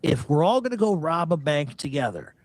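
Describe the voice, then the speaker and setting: A man's voice: a little high, big pitch swings, a little fast, darkish tone. A man telling a rambling, profane story in a casual way.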